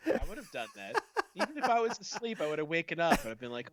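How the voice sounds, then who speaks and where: A man's voice: fairly high pitch, wildly swooping pitch, very fast, noisy background. A man chatting casually on a podcast, joking around and breaking into silly impressions. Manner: jokey, slips into silly impressions. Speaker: guest.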